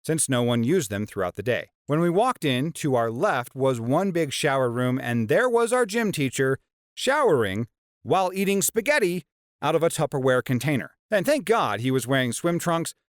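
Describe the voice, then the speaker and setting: A man narrates reader-submitted stories in a scripted voice-over. His pitch moves a lot, giving the reading an animated feel. The recording is dry and close, with no room sound. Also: normal speed, no echo. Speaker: story narrator.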